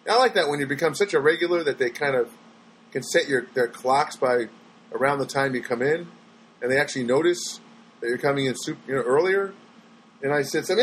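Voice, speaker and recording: A man's voice: medium pitch, a little fast, slight background noise, rough recording. A man talking casually on his own as a stand-up comedian, rambling and chatty, often trailing off and restarting his sentences. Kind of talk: casual solo monologue.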